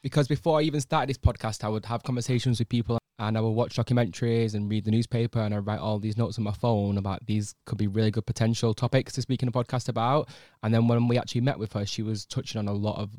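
A man's voice: on the low side, steady tone, fast talker, few pauses, mellow, dry recording, clean studio sound. Playful man hosting a podcast. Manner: playful, teasing, laughs often. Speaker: podcast host. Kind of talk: casual chat.

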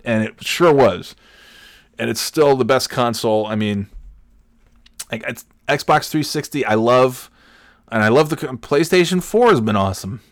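A man casually telling a funny personal story, animated and swearing freely, acting out what people said. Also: mid-range voice, normal speed, no echo, clean studio sound. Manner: animated, swears freely, acts out quotes with big shouts.

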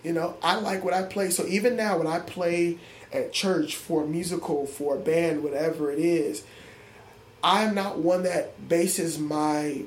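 Reflective man with a slightly high voice. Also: fairly even intonation, a little hiss or hum. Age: adult. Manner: reflective, earnest, halting restarts. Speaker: middle school music teacher. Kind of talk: interview conversation. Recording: echoey room with faint ambience.

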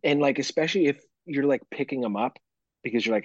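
A man on a podcast chats casually and swears freely as he tells animated stories about parenting. His voice is husky and the sound is dry and close. The recording is a little dull and lo-fi. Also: mid-range voice, quick pace, no echo. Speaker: podcast co-host. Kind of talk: casual chat.

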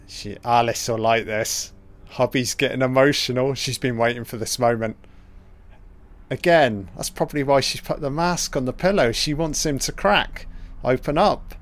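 A man giving a casual, sweary live commentary over a film as it plays. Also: mid-range voice.

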